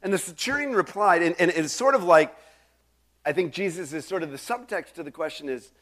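A middle-aged man delivers a sermon with a slightly high-pitched voice. He preaches conversationally, breaking off into restarts and asides to his listeners. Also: lively intonation, brisk, fairly bright tone. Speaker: pastor.

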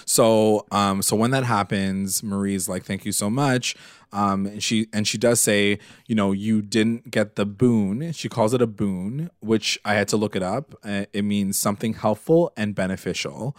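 A man's voice: lowish voice, normal speed, dry recording, studio quality. A man casually recapping a show with a co-host, rambling with lots of fillers and swearing. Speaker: podcast co-host.

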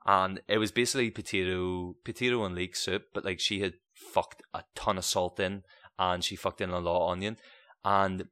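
A young man tells a story to his co-host in loose, profane chat. His voice sits low, and it shoots up high whenever he quotes someone. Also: moderate pace. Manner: animated, swearing, jumps up in pitch for quoted voices. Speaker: podcast co-host.

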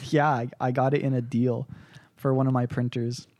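A man's voice: medium pitch, little pitch movement, moderate pace, darkish tone, no echo, clean studio sound. A young man co-hosting a podcast in casual chat, laid-back and swearing freely, telling stories with voiced impressions. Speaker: podcast co-host.

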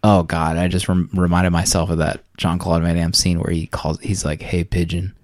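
A man's voice: deep voice, level tone, moderate pace, darkish tone, no room sound, clean studio sound. A young man co-hosting a casual movie podcast, talking in a laid-back, rambling way and chuckling often. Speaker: podcast co-host. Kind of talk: casual movie review chat.

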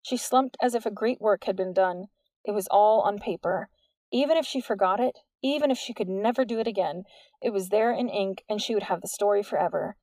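A woman giving steady, measured scripted narration of a novel into a close studio mic. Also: medium pitch, no room sound. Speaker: audiobook narrator.

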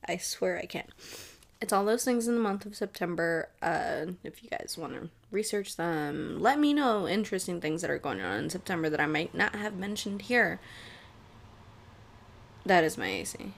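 A woman's voice: on the low side, very animated, moderate pace, gravelly. A young woman hosting a casual solo podcast from home, rambling, laughing often and swearing freely. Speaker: podcast host. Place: home room with air conditioner.

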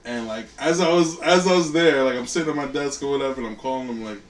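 A man co-hosting a podcast, telling a job story in relaxed casual chat with laughs. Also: mid-range voice, fast talker, echoey room, recorded from a distance. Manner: laid-back storytelling, laughs. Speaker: podcast co-host.

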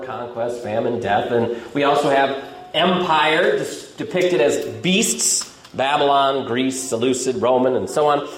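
A man preaching a sermon as a pastor, explaining scripture in a conversational teaching manner. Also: mid-range voice. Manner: conversational teaching, lively rising and falling delivery. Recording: echoey room, faint noise.

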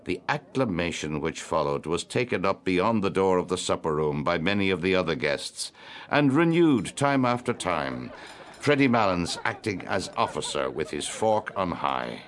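Deep-voiced guy reading an old story aloud, super animated delivery. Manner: expressive, measured storytelling. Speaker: narrator. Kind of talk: audiobook narration of classic fiction.

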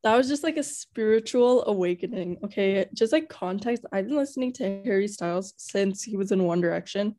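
Young woman, podcast co-host, mellow tone, rambling filler-heavy chat. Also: mid-range voice, expressive, brisk, hardly any pauses. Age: young adult. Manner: rambling and gushing, heavy use of "like". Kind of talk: casual chat.

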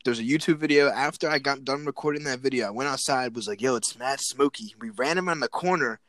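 Excitable young man telling a wild story. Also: medium pitch, quick pace, dry recording. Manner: excited, animated retelling with acted-out quotes and repeated words. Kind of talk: casual storytelling chat.

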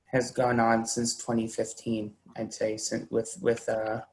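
A man's voice: medium pitch, monotone, measured pace, rough recording. A man hosting a podcast, talking casually and hesitantly with many fillers. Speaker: podcast host.

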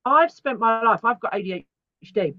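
A woman's voice: fairly high pitch, animated, normal speed, dry recording. A middle-aged woman talking as an artist guest in an interview, telling stories frankly and animatedly with the odd swear word. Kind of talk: candid interview conversation. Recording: dry, dull lo-fi sound.

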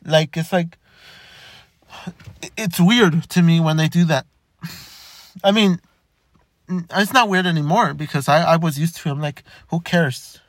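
A young man talking candidly in a halting way, with many stammered restarts. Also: on the high side, dry recording. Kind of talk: personal reflective monologue.

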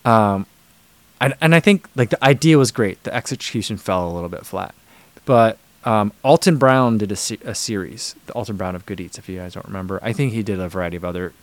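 A US livestream host with a fairly low voice goes through viewer comments at a brisk clip, chatting loosely and often using fillers and restarting. The audio has no echo.

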